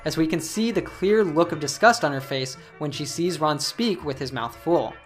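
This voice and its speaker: A woman narrating a scripted English lesson, explaining phrases clearly. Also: low voice, animated, normal speed, soft background music. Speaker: English teacher.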